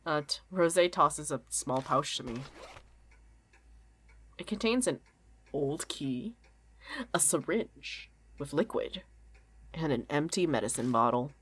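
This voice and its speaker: Low-voiced woman streamer narrating a horror game. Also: expressive, takes it slowly, pauses often, fairly bright tone, slightly rough. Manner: reads game text, swears, jokes with co-players.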